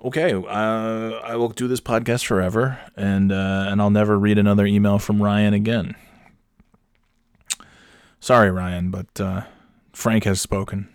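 A man's voice: lowish voice, level tone, unhurried, clear, resonant tone, no echo, clean studio sound. A man hosting his own podcast who tells stories in a rambling, self-mocking way and swears casually. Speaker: podcast host. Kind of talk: casual comedic storytelling.

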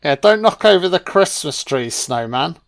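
A man's voice: fairly high pitch, normal speed, gravelly. A man giving a sarcastic, foul-mouthed comedic commentary on a film. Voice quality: sweary, sarcastic, deadpan. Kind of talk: profane comedic movie commentary.

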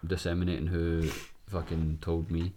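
A man's voice: low voice, monotone, normal speed, warm tone. A Scottish man hosting a podcast in casual chat, swearing freely and laughing through his stories. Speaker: podcast host.

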